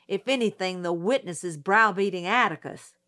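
A gruff older judge cutting in from the bench, as a woman narrator voices him. He sounds stern and dismissive. An audiobook character voice. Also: mid-range voice, moderate pace, bright, forceful tone, close to an everyday voice.

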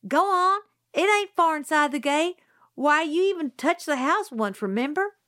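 A woman reading a novel aloud, voicing a stubborn, quick-tempered young girl who snaps back. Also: sits high, expressive, fairly bright tone, pitched above the performer's own voice. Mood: defiant.

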